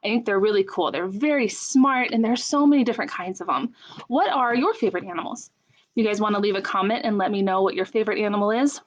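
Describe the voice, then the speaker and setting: A young woman leading a children's story time, asking slow sing-song questions and making playful animal sounds. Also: medium pitch, expressive. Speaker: children's librarian. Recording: dull lo-fi camera audio.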